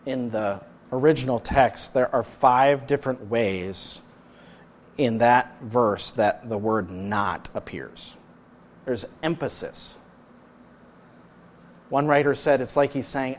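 A man preaching a sermon as pastor, earnest, his voice rising loud and then dropping soft. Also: mid-range voice, slow pace, long pauses, slight background noise.

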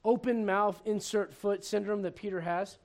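Animated high-voiced male preacher. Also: normal speed. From Puerto Rico. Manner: animated, joking, restarts sentences, acts out voices. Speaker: pastor. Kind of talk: sermon.

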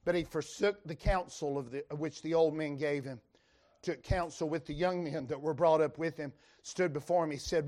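A man's voice: on the high side, steady tone, moderate pace. A man with a Western North Carolina accent preaching a sermon in a folksy, emphatic way, reading scripture aloud to the congregation. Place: church revival service.

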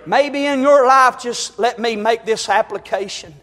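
A man preaching a fervent sermon, rising to shouts. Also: very high-pitched, measured pace, long reverb tail.

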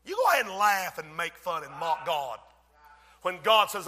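A man preaching an impassioned sermon in a church, often rising to shouts. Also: on the high side, big pitch swings, normal speed, long reverb tail.

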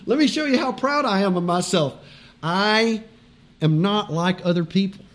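A man's voice: high voice, animated, unhurried. A man voicing a smug, self-righteous religious man boasting in prayer.

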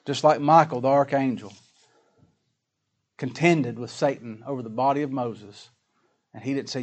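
An older man preaching a sermon in an earnest, folksy way, rising louder in prayer and dropping soft. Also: medium pitch, a little slow, long pauses.

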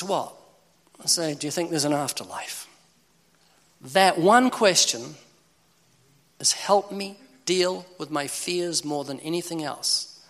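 A man from New Zealand delivering a sermon in a big, reverberant hall. His voice sits a little high, bright and gravelly. He acts out conversations as he tells his stories. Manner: animated storytelling, voices both sides of dialogue. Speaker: evangelist preacher.

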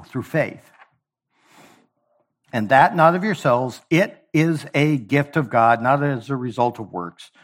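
Emphatic male preacher, slightly high voice. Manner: emphatic, repeats key phrases, acts out dialogues. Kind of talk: sermon.

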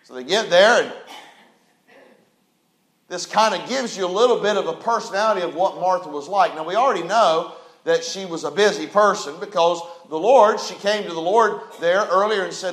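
A very high-voiced man preaching with folksy emphasis. His voice swells into shouts and rings through an echoey church room. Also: moderate pace. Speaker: pastor. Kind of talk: sermon.

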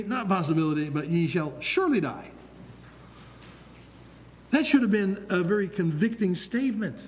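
Man, Upper Peninsula accent, sermon, higher voice, mellow dark tone, long hall reverb, faint background noise. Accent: Michigan Upper Peninsula. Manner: emphatic, repeats phrases, stumbles on words. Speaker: preacher.

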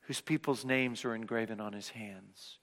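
Preacher swinging from loud to whispered. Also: male voice, on the low side, fairly even intonation, moderate pace. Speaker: pastor. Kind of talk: sermon. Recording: reverberant hall.

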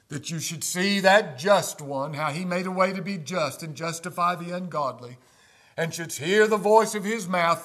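A man preaching a sermon with passion, rising to loud emphatic peaks, dropping to quiet low asides, and firing rhetorical questions between scripture quotations.

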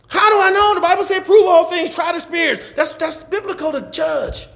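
A man preaching a sermon as pastor, animated, laughing and shouting at times. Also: very high voice, a little fast, creaky, roomy sound. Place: church.

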